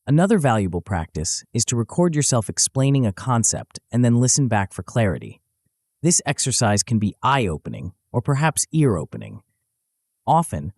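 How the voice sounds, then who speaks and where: A man narrating a self-help audiobook in a measured, instructional way, close to the mic. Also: on the low side, no room sound. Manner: even, measured instructional delivery.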